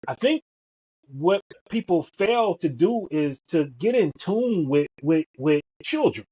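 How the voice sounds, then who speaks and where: A middle-aged man talks with emphatic storytelling energy, doubling back over his words and leaning on "man" as he goes. His voice sits a little high for a man. The sound is dull and lo-fi, like a thin connection. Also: animated, slow, dark tone, husky. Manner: emphatic, repeats words, says "man" often. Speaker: podcast co-host. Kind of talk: storytelling in conversation.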